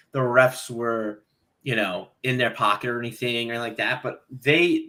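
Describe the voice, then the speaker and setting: A man's voice: mid-range voice, bright, forceful tone. A man on a panel, talking football in a blunt, fired-up way and swearing freely. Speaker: podcast panelist. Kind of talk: casual football chat.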